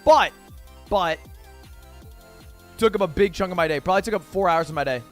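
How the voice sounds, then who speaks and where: Young male streamer, high and bouncy delivery, casual banter with chat, faint music under a dry mic. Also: a little fast. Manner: animated, jokey, swears freely. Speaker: livestream host.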